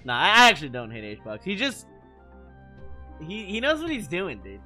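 A man's voice: high voice, moderate pace, soft background music. A man chatting casually with his stream chat, cursing freely and laughing often. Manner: animated, profane, laughs often. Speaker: gaming streamer.

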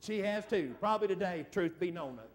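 A man's voice: high voice, animated, fast talker. A middle-aged man preaching a folksy revival sermon in a church, calling out for amens from the congregation. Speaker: evangelist. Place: church service.

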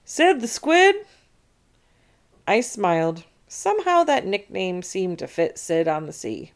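A woman reading a children's chapter book aloud in an expressive, animated way. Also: lowish voice, unhurried, vocal fry. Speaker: storybook reader. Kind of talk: children's read-aloud narration.

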